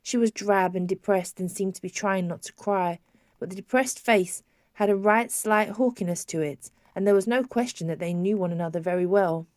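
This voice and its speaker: In studio-quality audio with no room sound, a woman with a medium-pitched voice narrates a novel for an audiobook. Her scripted storytelling is measured and even.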